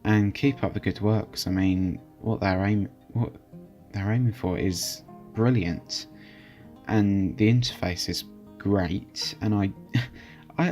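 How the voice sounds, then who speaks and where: A young man with a lowish voice talks casually through a screen recording. He is chatty and easygoing, often hesitating and restarting his sentences. Faint music plays underneath. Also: a little mellow. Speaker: channel host reviewing software.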